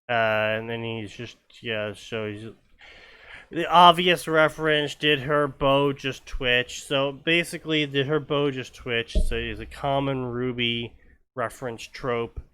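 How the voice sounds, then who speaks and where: A man's voice: mid-range voice, bright, forceful tone, clear, resonant tone. A man hosting a podcast, casually commenting on fanfiction in a rambling way full of ums and restarts. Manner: rambling, many fillers and restarts. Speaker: podcast host.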